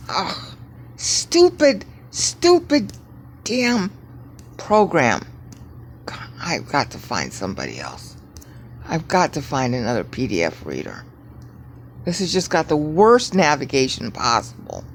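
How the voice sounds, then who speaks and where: A woman teaching Bible prophecy in a rambling screen-share lecture, often checking in with "okay?" and grumbling at her software. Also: deep voice, slight background noise. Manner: digressive, frequent "okay?" checks, irritated asides at software.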